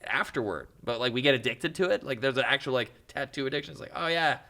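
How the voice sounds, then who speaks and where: A young man, a filmmaker, chatting as a podcast guest, telling animated stories with laughs and acted-out voices. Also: medium pitch, fast talker, vocal fry. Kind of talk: casual interview chat.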